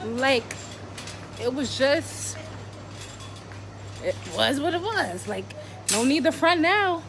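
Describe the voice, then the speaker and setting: A woman tells a personal story in a casual vlog, animated and profane, full of dramatic rhetorical questions. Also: sits high, slow, background noise. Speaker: vlogger telling a personal story.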